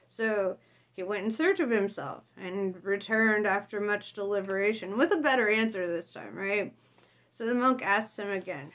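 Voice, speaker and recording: A woman's voice: medium pitch, slow pace. A woman vlogger reading her own written reflection in a casual, unpolished way. She is blunt and forthright, laughs often, and keeps checking in with the listener.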